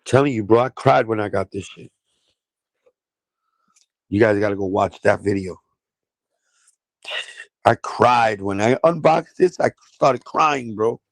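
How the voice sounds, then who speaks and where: A gravelly-voiced man with a New York accent chats on a casual sneaker livestream. He talks in a loose, excitable, profane way, full of banter. The sound is dry and close, with no room echo. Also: fairly low pitch, measured pace, pauses often.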